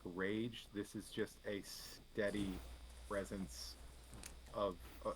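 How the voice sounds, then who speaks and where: A man narrating as game master in a tabletop game, halting with many fillers. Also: lowish voice, fairly bright tone, slight background noise, low-quality recording.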